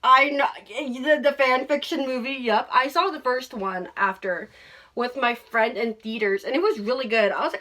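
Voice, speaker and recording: Young woman host, excitable and gushing, casual swearing chat, slightly high pitch. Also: normal speed. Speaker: podcast host.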